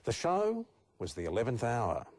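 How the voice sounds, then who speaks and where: Brief: male narrator, measured scripted delivery, animated intonation. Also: medium pitch, slight background noise. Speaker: documentary narrator.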